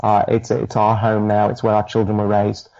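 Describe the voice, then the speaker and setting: Man, middle-aged, British accent softened by Australia, minister, interview answers, halting with fillers, muffled lo-fi audio. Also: lowish voice, completely flat delivery, gravelly. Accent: British, softened by years in Australia. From United Kingdom. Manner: thoughtful, halting, many fillers and restarts. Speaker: Anglican minister, guest.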